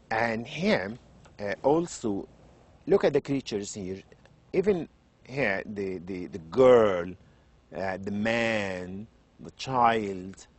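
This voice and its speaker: This is a university lecture on children's literature, delivered in English by a middle-aged man with an Arabic accent. Animated and fond of rhetorical questions, he raises and lowers his voice to make his points land.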